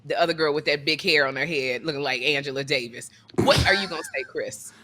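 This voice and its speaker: Middle-aged woman comic co-host, bossy and teasing, bright forceful tone. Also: sits low, fast. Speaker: podcast co-host. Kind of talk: casual comedic chat.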